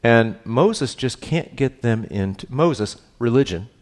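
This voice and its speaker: In a loose, talk-style sermon, this pastor walks his congregation through the Bible, tossing in frequent "right?" check-ins. His delivery swings from hushed sincerity to lively energy.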